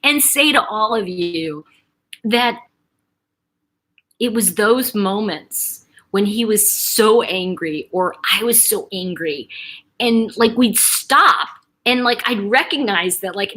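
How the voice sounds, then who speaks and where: A woman's voice: medium pitch, a bit bright. A woman hosting a casual livestream, who chats with lots of fillers and laughs often while telling stories. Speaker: livestream host.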